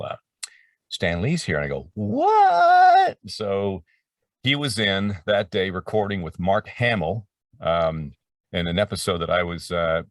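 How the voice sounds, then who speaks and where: A middle-aged man with a low voice, a voice actor guest, tells casual interview stories, rambling, cutting himself off, and performing other people's words. The recording is dry and clean studio sound, picked up by a distant mic.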